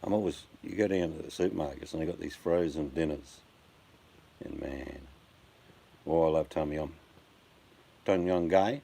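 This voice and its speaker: A man's voice: a bass voice, steady tone, moderate pace, vocal fry, long pauses, warm tone, breathy edge. An older Australian man chatting casually on a live stream, blunt and joking, addressing his viewers by name. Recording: faint background noise.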